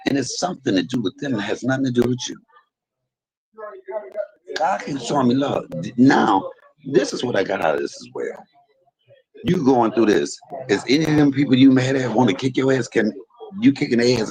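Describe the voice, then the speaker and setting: A man live-streaming from a hospital emergency room bed, talking in an animated, preachy way and repeating himself as he speaks to his viewers. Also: medium pitch, low-quality recording. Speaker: livestream host. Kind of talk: casual live stream talk.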